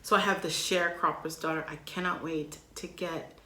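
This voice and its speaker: A woman's voice: deep voice, steady tone, moderate pace, sharp tone, reverberant, slight background noise. Bubbly, gushing woman vlogger. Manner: bubbly, gushing, uses casual slang. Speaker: vlogger, massage therapist. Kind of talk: excited unboxing vlog.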